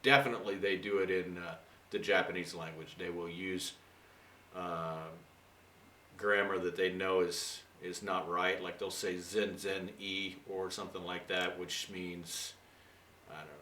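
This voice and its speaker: Middle-aged male English teacher, rambling and casual, bright edge, distant roomy sound. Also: deep voice, steady tone, measured pace, slight background noise. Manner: rambling, chatty, many fillers. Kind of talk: casual video lesson. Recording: echoey room, voice off-mic.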